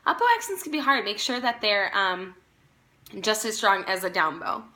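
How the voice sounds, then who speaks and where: A woman with a medium-pitched, expressive voice leads a string practice lesson at a moderate pace, patiently naming notes and counting the players in. It's a practice video, with violin music playing behind her.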